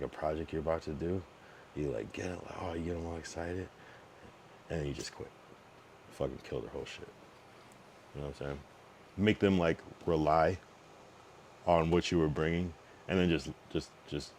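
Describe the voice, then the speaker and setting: A man's voice: low voice, a little mellow, slight background noise. A young man streaming, talking casually in a blunt, profane, rambling way with many restarts. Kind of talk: casual livestream monologue.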